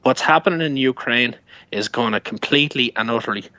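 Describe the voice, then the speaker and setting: A man's voice: mid-range voice, fairly quick, pushed and bright, no room sound, lo-fi sound. A man in a casual late-night talk show, bluntly cutting in with his own points on politics. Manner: blunt, cuts in.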